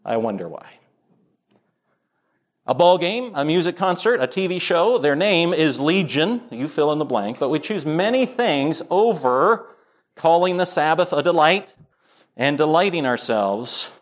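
A male pastor delivering a sermon. His voice sits a little high for a man, and his tone is earnest, telling stories plainly and then driving home his points with firm emphasis. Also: very animated, unhurried. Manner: earnest preaching, rising emphatic on key points.

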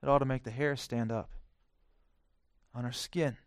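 A male preacher delivering a sermon, swinging from hushed, quiet phrases to loud, emphatic declarations. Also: mid-range voice, fairly even intonation, normal speed, no echo, studio quality.

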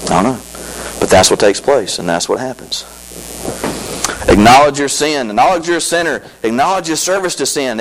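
A man preaching a sermon as pastor, folksy and emphatic, often repeating phrases and swinging between loud and quiet. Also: mid-range voice, a little hiss or hum, rough recording.

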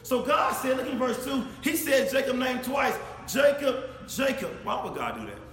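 A man preaching a sermon, speaking straight to his congregation, swinging from shouted emphasis to low, quiet asides. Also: normal speed. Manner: animated, addresses congregation directly, rises to shouts then drops low. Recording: echoey hall with faint ambience.

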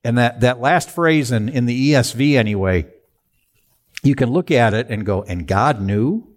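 A man's voice: medium pitch, moderate pace. A man preaching a sermon, asking the congregation rhetorical questions and answering them himself. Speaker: pastor.

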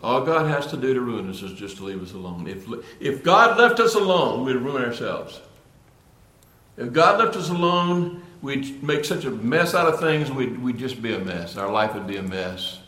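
A man's voice: mid-range voice, normal speed, few pauses, fairly bright tone. A man preaching a sermon with earnest emphasis, often repeating and restarting phrases before building to emphatic points. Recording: echoey room.

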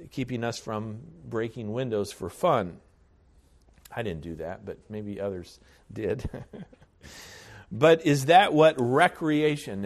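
A man preaching a sermon as pastor, speaking in a measured, deliberate way with frequent hesitations. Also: medium pitch.

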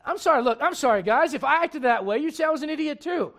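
A man's voice: very high-pitched, lively intonation, fast talker, a bit bright. A man preaching a sermon in an emphatic, conversational way, full of rhetorical questions.

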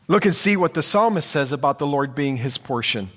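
A man's voice: a little high, expressive, brisk, hardly any pauses, a bit bright. A man preaching a sermon in an earnest way, repeating phrases for emphasis. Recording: long hall reverb.

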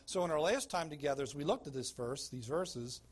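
A man's voice: on the high side, animated, a little fast, husky. A man preaching a sermon as pastor of a church, emphatic, asking the congregation questions and calling for slides.

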